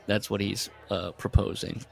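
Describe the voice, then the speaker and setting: A man's voice: on the low side, little pitch movement, moderate pace, gravelly, darkish tone. A man co-hosting a casual book discussion podcast, recounting the plot and reading character dialogue aloud with frequent fillers. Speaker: podcast co-host.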